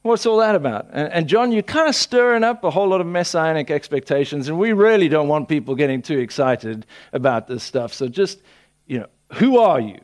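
A man's voice: on the high side, expressive, fairly quick, darkish tone, lightly acted. A man voicing anxious, controlling male religious officials who question in an alarmed, fussy way.

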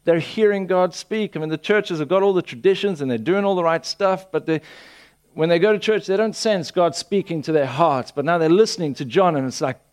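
A man preaching a sermon, telling the story with lively voicing of people. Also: fairly high pitch, a little fast, clean tone.

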